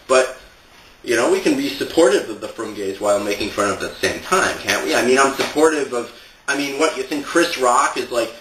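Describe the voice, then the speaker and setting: Sarcastic guy venting at the camera, bright edgy voice, kinda far off the mic. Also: medium pitch, echoey room, slight background noise. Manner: exasperated, sarcastic, laughing at his own points. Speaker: satire blogger. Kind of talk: ranting monologue to camera.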